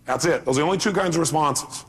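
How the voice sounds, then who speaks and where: A man's voice: fairly high pitch, fast talker, fairly bright tone, breathy edge. A middle-aged man giving a live seminar talk as a motivational speaker, emphatic and firing rhetorical questions at the audience.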